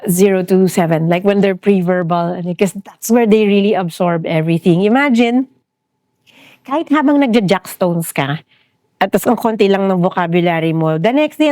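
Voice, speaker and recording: A middle-aged Filipino woman, a therapist talking in a relaxed podcast interview with a Filipino accent, animated and expressive. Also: medium pitch, no echo, clean studio sound. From Philippines. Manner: animated, switches between English and Tagalog. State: grieving. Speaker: trauma therapist guest.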